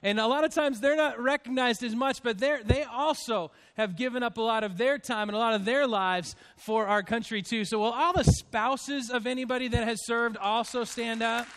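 A man in his fifties, a pastor addressing his church congregation in a heartfelt, halting way, choked up with emotion. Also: very high-pitched, a bit bright.

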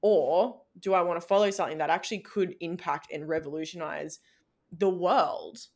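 Earnest woman coach, low voice. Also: moderate pace, darkish tone. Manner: earnest and candid, swears casually, lots of "like". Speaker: podcast guest, shadow work coach trainer. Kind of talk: casual conversational interview.

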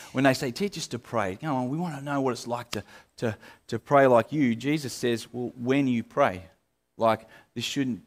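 A man delivers a sermon as a pastor. His tone is conversational rather than formal, and he often restarts his phrases and fills pauses with "uh". His voice sits at an ordinary middle pitch.

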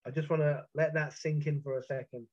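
British man, first-person storytelling, intense and halting, slightly raised pitch, dull lo-fi audio. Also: steady tone, a little mellow. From Britain. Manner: intense, halting, with repeated restarts. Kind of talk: first-person account of a past ordeal. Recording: muffled lo-fi recording.

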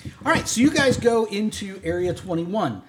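Male game master, high and animated, talks in halting descriptive bursts. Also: a little hiss or hum. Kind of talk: narrating a tabletop game.

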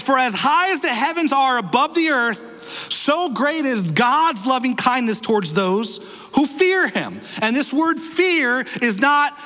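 A male pastor preaching a sermon, emphatic, his pitch and pace swinging widely. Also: a bit bright, long reverb tail. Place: church sanctuary.

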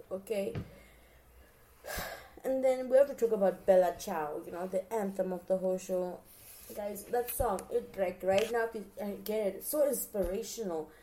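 Chatty, expressive woman recapping a show. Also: a little high. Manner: chatty and expressive, often addresses listeners as guys. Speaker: podcast host. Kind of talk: casual show recap chat.

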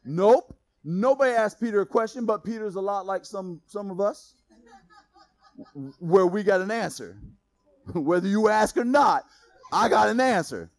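A man with a high voice preaching a relaxed, conversational sermon. He jokes and laughs between points, then drops to a hushed, intense tone. The sound is dry and close, with no room echo. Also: unhurried. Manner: swings from loud emphasis to quiet intensity. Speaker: pastor.

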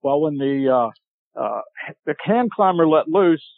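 A man telling a long hunting story as a podcast guest, animated and laughing as he goes. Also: on the high side, a little slow, vocal fry, no echo. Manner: animated, laughs while telling, acts out shouted quotes. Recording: tinny dry phone-line audio.

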